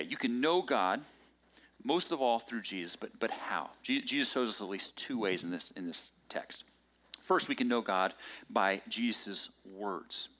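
A male pastor delivering a sermon in a relaxed, conversational tone. His pitch swings widely as he leans into points. He sounds lively and engaged with his listeners. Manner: conversational and animated, acting out quoted lines.

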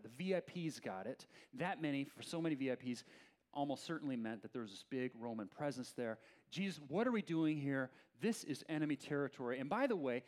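A man preaching a sermon in a conversational, animated storytelling way. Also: medium pitch. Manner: opens in a soft, slow prayer. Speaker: pastor.

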